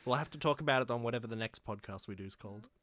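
A man's voice: medium pitch, very fast, fairly bright tone, no echo, studio quality. A man co-hosting a podcast in casual banter, chatty and hedging. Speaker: podcast co-host.

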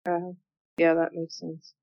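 A woman's voice: lowish voice, monotone, slow, no echo, dull audio. Dry-voiced woman co-host, short remarks. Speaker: podcast co-host. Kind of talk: casual movie-watching chat.

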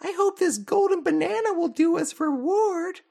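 A man voicing a grateful female mermaid princess from a game in a crying falsetto, leaning away from the mic. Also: lively intonation, moderate pace, vocal fry, mellow, heavily acted. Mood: gushing.

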